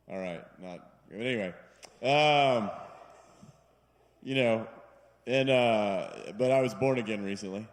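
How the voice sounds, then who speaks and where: A man's voice: lowish voice, unhurried, pauses often. A man doing a self-deprecating, rambling stand-up set on a bar stage, putting on voices for his jokes. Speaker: stand-up comedian. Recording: live room with long reverb.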